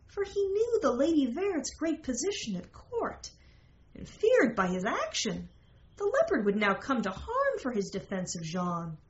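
A woman reads a storybook aloud at a slow, unhurried pace, her delivery measured and old-fashioned. The sound is slightly muffled and dull. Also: high-pitched. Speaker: narrator. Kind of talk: storybook reading.

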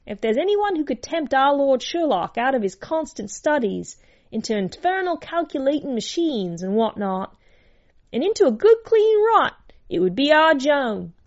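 A chatty household cook with a fond, teasing manner, as a woman reading a storybook puts her on. The voice sits higher than the reader's own and sounds a touch duller, as if from a modest home recording. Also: sing-song, moderate pace, lo-fi sound.

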